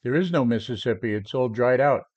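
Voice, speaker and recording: A man's voice: mid-range voice, lively intonation, brisk, darkish tone, dull audio. A man in his seventies coaching traders on a live stream, brash and combative, answering viewers directly. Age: 70s. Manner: brash, combative, talks back to chat. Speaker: trading coach. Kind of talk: live stream trading talk.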